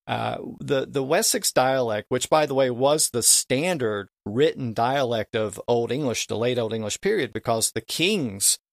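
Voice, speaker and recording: A man's voice: mid-range voice, expressive, a little slow, gravelly, hardly any pauses. A man speaks as a guest expert on a podcast, patiently walking through how old English dialects sounded. His voice sits in an ordinary middle register. Now and then he stretches a vowel to show how it was said, and the close microphone gives a dry sound with no room echo. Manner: lecturing, drawing out vowels to demonstrate old pronunciations. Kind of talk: explanatory podcast talk.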